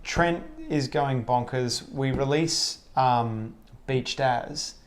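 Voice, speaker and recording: A man's voice: mid-range voice, drawn-out words. Casual, swearing man telling stories. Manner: relaxed, swears freely, acts out past dialogue. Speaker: guest comedian and actor. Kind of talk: casual storytelling chat.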